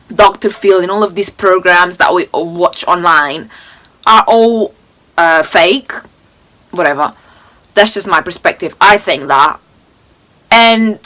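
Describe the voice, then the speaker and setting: A woman's voice: mid-range voice, pushed and bright. A woman in her twenties giving casual reaction commentary, indignant and rambling, with many restarts. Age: 20s. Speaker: reaction video host.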